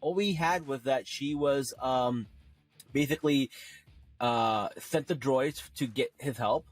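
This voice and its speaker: A man's voice: medium pitch, slow. A man co-hosting a podcast, chatting with enthusiasm and lots of fillers like "like" and "you know". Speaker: podcast co-host. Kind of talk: casual chat.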